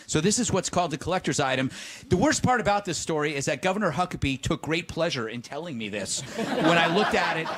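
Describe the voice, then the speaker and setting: A man's voice: a little high, fairly bright tone, slight background noise. A man hosting a late-night comedy talk show, telling a rambling story with self-mocking asides. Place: TV studio with live audience. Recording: studio audience audible. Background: audience laughter.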